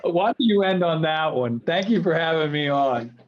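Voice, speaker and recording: A man's voice: on the high side, expressive, normal speed. A man in his sixties from the United States, a guitar company founder guesting on a video-call interview, talking in a jokey, rambling way that keeps restarting. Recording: dull lo-fi video-call audio.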